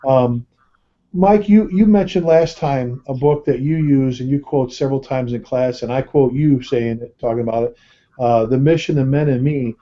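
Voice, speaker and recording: A man's voice: mid-range voice, normal speed, dark tone. A male host of a panel talk who stammers and repeats words as he starts his questions. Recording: muffled lo-fi web call audio.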